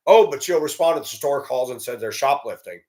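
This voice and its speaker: A man's voice: mid-range voice, lively intonation, brisk, a little mellow. A man giving a blunt, profane, indignant monologue and telling a story about a run-in. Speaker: commentator. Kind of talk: ranting monologue.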